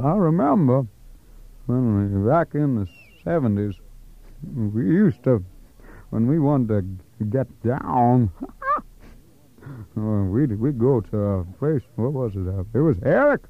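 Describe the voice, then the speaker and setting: A confused old wino, wandering from thought to thought with his voice up high, as a man puts him on. Everything sounds tinny and thin, like an old tape over a phone line. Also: big pitch swings, slow, pauses often. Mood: rambling.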